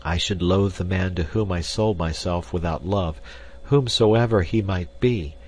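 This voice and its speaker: A man's voice: low voice, a little slow, a little mellow, breathy edge. A man reading the part of a proud young woman, earnest and dignified.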